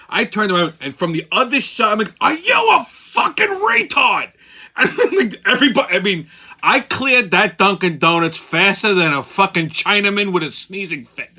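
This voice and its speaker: A man's voice: fairly high pitch, bright, forceful tone. A man hosting his own channel, telling a heated, profane story in a casual rant. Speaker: channel host.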